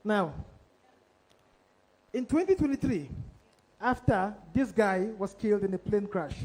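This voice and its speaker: Male journalist storyteller, high voice with a dark, mellow tone, dramatic delivery with direct questions to the crowd. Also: rough recording. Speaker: investigative journalist. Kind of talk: storytelling talk on stage. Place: live event stage before an audience.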